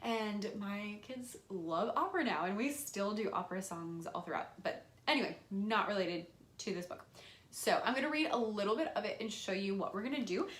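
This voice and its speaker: A woman's voice: moderate pace, a bit bright, roomy sound. A young woman, an elementary music teacher, casually explaining a classroom lesson and acting out how she talks to her students. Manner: enthusiastic, acts out her classroom voice with big pitch jumps.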